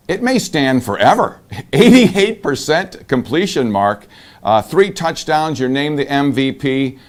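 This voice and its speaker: Male interviewer, mid-pitched, formal and measured, leads in with facts. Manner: formal, sets up questions with stats. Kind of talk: interview questions.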